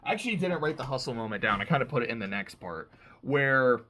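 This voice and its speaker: A man talking through a TV season in a relaxed, unscripted recap. His voice is bright and forward, mid-pitched. He rambles loosely, swears without a second thought and fills his sentences with "like.". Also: fast. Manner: loose and profane, heavy use of "like". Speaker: TV show reviewer. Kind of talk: casual episode recap.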